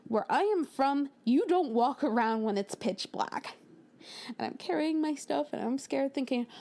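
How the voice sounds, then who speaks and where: Young adult woman, high and lively storyteller voice for a storytime video. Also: unhurried. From United States. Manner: animated, acts out quoted lines with little voices and laughs. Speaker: storytime narrator. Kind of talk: storytime narration over a speedpaint.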